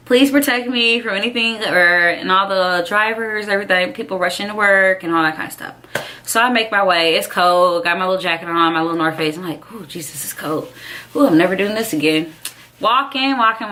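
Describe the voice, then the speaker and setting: A young woman vlogging, telling a personal story in an animated, chatty way and often checking in with her viewers. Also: fairly low pitch. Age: young adult.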